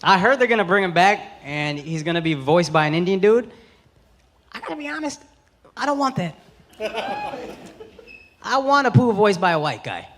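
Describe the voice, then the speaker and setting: A man's voice: high-pitched, expressive, moderate pace, long pauses. A man in his thirties doing a stand-up set, brash and punchy, swearing freely and slipping into acted-out voices. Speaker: stand-up comedian. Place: comedy club stage before a laughing audience. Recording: live show with loud crowd laughter. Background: loud audience laughter and cheering.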